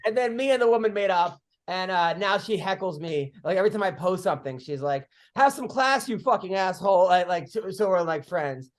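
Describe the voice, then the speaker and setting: A middle-aged man hosting a podcast, telling comedy-road stories in casual chat, animated, swearing freely and acting out what people said. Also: high-pitched, a little fast, hardly any pauses. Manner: animated storyteller, swears freely, acts out quotes.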